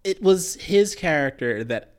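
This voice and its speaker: A woman's voice: low-pitched, a little slow. A woman co-hosting a casual chat about a TV show, talking in a chatty way with many fillers and restarts. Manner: chatty, lively, hesitant with fillers.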